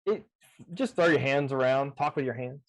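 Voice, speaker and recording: A man in casual chat about running tabletop games, talking in an animated, rambling way with plenty of swearing, on a video call. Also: mid-range voice, moderate pace, poor audio. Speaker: game master. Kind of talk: casual chat between game masters.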